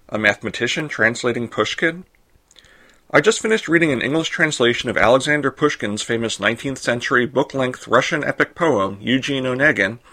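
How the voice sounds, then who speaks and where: A man hosting a podcast, reading a scripted explanation in a clear, measured way. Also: medium pitch, bright, forceful tone. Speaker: podcast host. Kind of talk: scripted narration.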